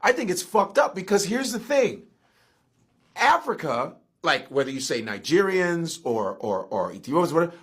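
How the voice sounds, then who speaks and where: A man's voice: high-pitched, a bit bright, husky. A man born in the United States, talking in a heated, profane, casual way and firing rhetorical questions at the person he is talking to.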